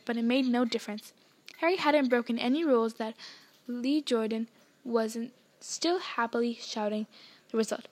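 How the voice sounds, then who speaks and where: A woman reading a novel aloud as a podcast host, in a plain, slightly halting manner with small slips. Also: on the high side. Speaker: audiobook reader, podcast host.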